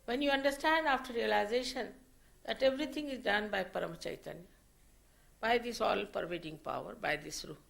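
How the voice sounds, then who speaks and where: A woman giving a slow, deliberate spiritual lecture, in a 1990 archive recording. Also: mid-range voice, creaky, fairly bright tone. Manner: slow, deliberate teaching with rising emphasis. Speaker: spiritual teacher.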